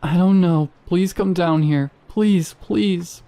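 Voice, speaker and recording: A man's voice: high voice, takes it slowly, pitched above the performer's own voice. A man voicing a pleading girl who is really a creature. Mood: terrified pleading. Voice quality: raspy whisper in its eerie moments. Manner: pleading, then eerily calm and taunting. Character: girl trapped in a pit, secretly a mimicking creature.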